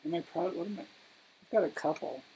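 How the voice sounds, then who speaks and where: A man's voice: a little high, a little fast, background noise. A man co-hosting a casual live question-and-answer session, reading questions and thinking aloud with frequent hesitations. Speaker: co-host answering viewer questions.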